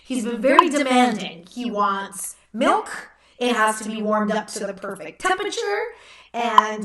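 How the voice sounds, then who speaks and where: A woman's voice: mid-range voice, lively intonation, unhurried, far from the mic, heavy background noise. A woman in her thirties hosting a casual live stream from home, chatty and playful, cooing at her baby, recorded on a computer mic in an echoey room. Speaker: host.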